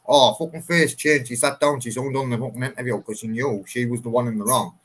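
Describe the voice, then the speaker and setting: Sweary man, blunt storyteller, mid pitch. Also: steady tone, fast talker, few pauses, a bit bright. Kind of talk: casual chat.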